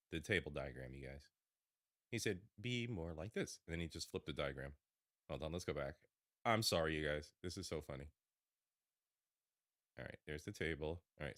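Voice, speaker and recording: A man hosting a reaction show, talking excitedly and repeating himself as he speaks to viewers. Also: extremely low pitch, brisk, long pauses, no room sound, clean studio sound. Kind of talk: reacting to a video.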